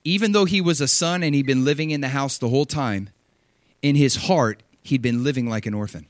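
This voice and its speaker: A man's voice: medium pitch, a little fast, no echo, studio quality. A man preaching a sermon, reading scripture aloud and expounding on it with emphatic energy. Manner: animated, emphatic, reads scripture aloud and riffs on it.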